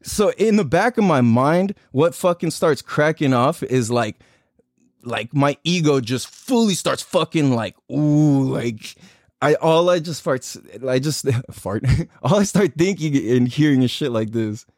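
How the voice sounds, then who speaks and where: A man's voice: on the high side, lively intonation, a little slow, a little mellow, dry recording, studio quality. A young man hosting a podcast, telling a story in a heated, profane rant while laughing at himself. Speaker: podcast host. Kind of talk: casual ranting story. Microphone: live stream on a phone.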